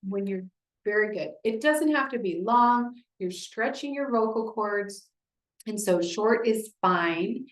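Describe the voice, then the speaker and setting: A woman's voice: mid-range voice, animated, slow pace, reverberant, rough recording. Encouraging woman speech therapist coaching a class. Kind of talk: leading voice exercises in a class.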